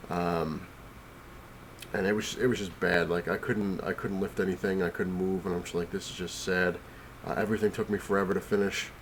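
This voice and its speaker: A low-pitched, steady voice comes through briskly over slight background noise. It belongs to a comic collector vlogging from his couch at home, sick and out of breath, rambling casually with many fillers and restarts.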